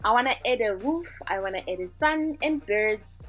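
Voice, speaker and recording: A woman's voice: fairly high pitch, animated, normal speed, faint music behind. A woman hosting a design tutorial, narrating a screen-recording voice-over in an upbeat, chatty way as she walks through each step.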